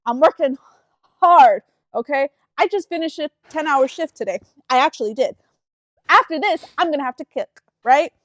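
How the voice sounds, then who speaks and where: A woman's voice: high-pitched, expressive, normal speed, no room sound. A young woman co-hosting a casual podcast with her brother, telling stories in a playful, dramatic way. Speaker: podcast co-host. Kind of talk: casual chat.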